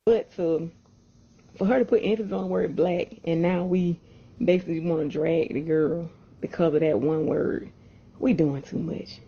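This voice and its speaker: A woman's voice: lowish voice, fairly even intonation, normal speed, vocal fry, husky. A woman scolding in a casual video rant, exasperated and blunt. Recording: dull lo-fi audio.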